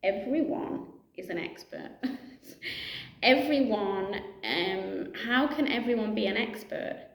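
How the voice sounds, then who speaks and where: A middle-aged woman who teaches yoga chats casually and thoughtfully to camera, her voice on the high side. The room is echoey, and she laughs readily, sprinkling in asides and fillers.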